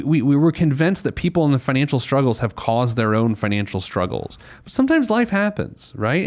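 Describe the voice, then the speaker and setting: Male podcast host giving money advice, mid-pitched, loose and rambling delivery with ums and restarts. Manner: rambling, warm-hearted, self-deprecating, many fillers. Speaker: financial planner and podcast host. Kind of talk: casual advice chat.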